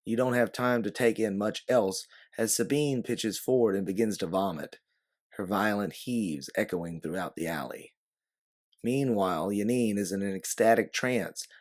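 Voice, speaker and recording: Audiobook narrator: man, lower voice, even storytelling. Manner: steady, descriptive storyteller. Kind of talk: second-person audiobook narration.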